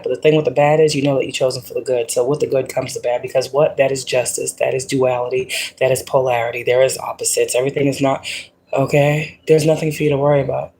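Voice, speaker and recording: A woman's voice: a bass voice, a little mellow, a little hiss or hum. A woman hosting a spiritual livestream, talking casually and animatedly, repeating herself and often breaking into laughter. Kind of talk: casual spiritual pep talk.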